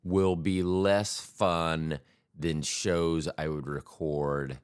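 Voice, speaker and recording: Slow, deep-voiced rambling man. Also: level tone, clear, resonant tone. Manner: rambling, self-deprecating, crude humor. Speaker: podcast host. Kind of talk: casual solo comedic monologue.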